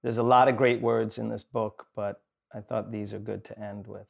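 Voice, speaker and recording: A man's voice: on the low side, little pitch movement, normal speed, gravelly, muffled recording. A man in casual conversation, speaking earnestly in short bursts with fillers.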